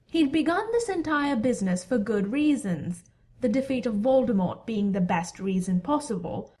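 A woman narrating a fan fiction story aloud. Her voice sits a little above average in pitch, and she keeps a steady storytelling pace.

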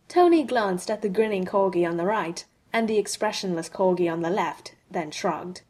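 Lady reading fanfic aloud, husky, calm and even. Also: medium pitch, normal speed, hardly any pauses. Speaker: audiobook reader. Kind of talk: fanfic audiobook narration.

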